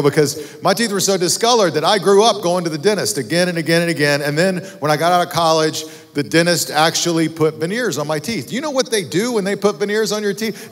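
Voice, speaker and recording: A man's voice: on the high side, long reverb tail. A man from Texas preaching a sermon as pastor, telling a funny personal story in a casual, self-deprecating way. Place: church auditorium.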